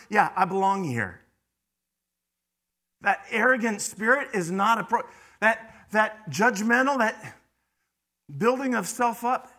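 A man preaching a sermon, shifting between hushed, quiet stretches and loud, emphatic bursts, often repeating words as he starts a phrase. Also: high voice, unhurried, long pauses. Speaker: pastor.

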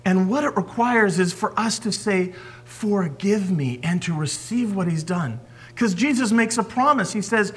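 A man preaching a sermon as a pastor, swinging from forceful emphasis down to hushed whispers. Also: high-pitched, expressive, a little slow, slightly rough.

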